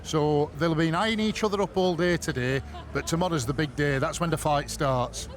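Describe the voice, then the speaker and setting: A man, a sports pundit, giving his view in an animated, emphatic way. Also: fairly high pitch, normal speed. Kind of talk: studio punditry.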